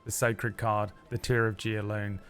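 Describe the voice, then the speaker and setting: A young man narrates a tabletop game as game master. His voice sits low and he talks in a relaxed, halting way. Faint music plays underneath. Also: clean tone.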